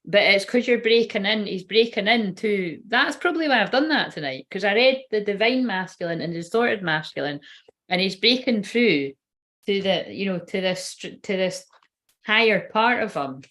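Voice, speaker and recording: A woman's voice: mid-range voice, lively intonation, normal speed, fairly bright tone. A woman, a tarot reader and medium giving a casual, rambling live-stream reading and swearing now and then.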